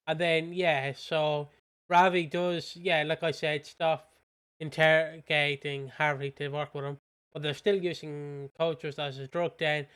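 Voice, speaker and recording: A man's voice: fairly high pitch, little pitch movement, measured pace, fairly bright tone, clear, resonant tone. A man with a British accent co-hosting a podcast, recapping soap episodes in rambling, casual chat. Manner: rambling, with many fillers. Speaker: podcast co-host.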